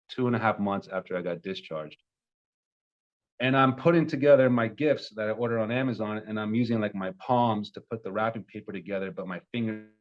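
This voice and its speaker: Young male coach in his twenties, lowish voice, muffled lo-fi audio, storytelling that flares loud. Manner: emotional, animated retelling with sudden loud peaks. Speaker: love coach. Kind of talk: personal storytelling.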